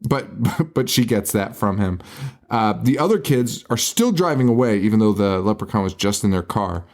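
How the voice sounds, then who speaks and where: A man's voice: on the low side, expressive, normal speed. A man co-hosting a horror movie podcast, in loose casual chat. He laughs a lot, swears freely and mimics characters as he recaps scenes. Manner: laughing often, swearing, mock-quoting characters. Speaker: podcast co-host.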